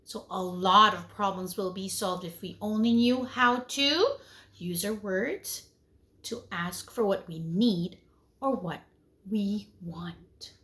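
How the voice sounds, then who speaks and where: Slow, animated preschool teacher woman. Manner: animated, sing-song, big swings in pitch and loudness; asks the children many questions. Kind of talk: online lesson for young children.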